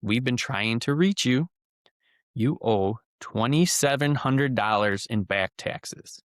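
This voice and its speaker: A man's voice: lowish voice, expressive, measured pace, vocal fry, no echo, clean studio sound. A man voicing a stern male scam caller who poses as a tax agent, giving cold commands. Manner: cold, commanding, barks orders.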